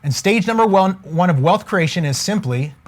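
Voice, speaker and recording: Speaking at a moderate pace in a high-pitched voice, a man coaches viewers on wealth over a live stream. His style is lively and relaxed, full of jokes and preacher-like flourishes, and he keeps asking people to comment.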